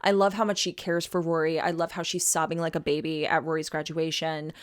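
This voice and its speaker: A woman co-hosting a podcast in casual chat, enthusiastic and often quoting lines in animated voices. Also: low-pitched, a little fast, clear, resonant tone. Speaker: podcast co-host.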